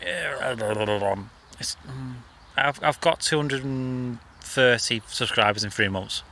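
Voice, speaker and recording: A man's voice: medium pitch, slow, sharp tone, a little hiss or hum. A man interviewing a young actor outdoors, encouraging and mentoring him in casual talk. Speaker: interviewer and YouTube presenter. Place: outdoors by a bridge.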